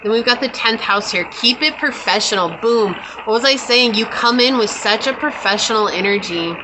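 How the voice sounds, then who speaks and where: A woman's voice: on the high side, normal speed, background noise. A woman doing a pick-a-card tarot reading, talking in a chatty, reassuring, spiritual way with many casual fillers. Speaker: tarot reader.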